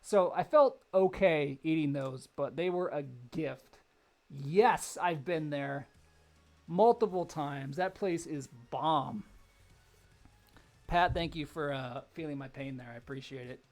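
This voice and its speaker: Chatty, animated young male streamer. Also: fairly high pitch, takes it slowly. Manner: chatty storyteller, laughs often, sudden exclamations at the game. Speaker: live streamer. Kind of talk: casual live-stream chat while gaming.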